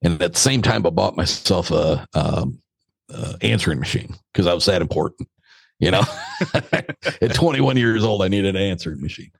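A man's voice: sits low, lively intonation, moderate pace, vocal fry, husky, no echo. A middle-aged American man, a podcast guest, telling a story in a casual, blunt and joking way, with some mild swearing.

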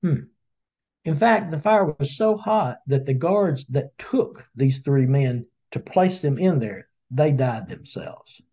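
A man teaching a Bible study in a casual webinar, his voice sitting a bit high and swinging widely as he tells the story. He acts out the characters along the way, and the lo-fi audio sounds dull. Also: lively intonation, slow.

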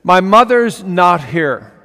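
A man's voice: high-pitched, big pitch swings, slow pace, bright, forceful tone, full character voice. A cheerful old beggar woman, played by a man. Her voice is raised and chatty, and she coaxes in a familiar way. A long reverb trails after her words. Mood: coaxing. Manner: chatty, coaxing.

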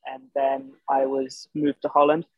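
A young Australian man with an Irish-tinged accent, a showjumping guest chatting casually, halting with many fillers and restarts. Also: medium pitch, completely flat delivery, slightly rough, no echo. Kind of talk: casual interview chat. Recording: dull lo-fi podcast sound.

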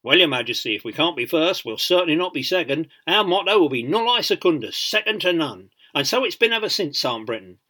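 A man's voice: a little high, very animated, brisk, few pauses, sharp tone, pitched above the performer's own voice, heavily acted. A man reading aloud, voicing an earnest, persuasive sergeant major in an audiobook. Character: gruff old male regimental sergeant major.

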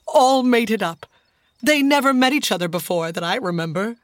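A woman's voice: on the high side, animated, normal speed, no echo, natural voice. A woman reading the lines of a jovial grown man, a doctor, in a storybook. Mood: amused.

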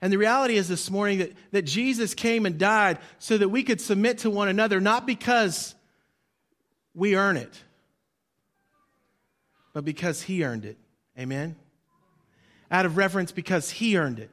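A man preaching a sermon as pastor, swinging between loud emphasis and quiet drops, leading the congregation to repeat lines after him. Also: high voice, moderate pace, pauses often. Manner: leads the congregation in call-and-response.

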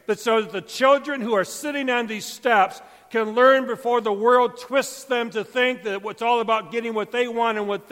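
A man preaching a sermon as pastor, emphatic and swinging between loud calls and hushed, quiet stretches. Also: high voice. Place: church sanctuary. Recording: long church hall reverb.

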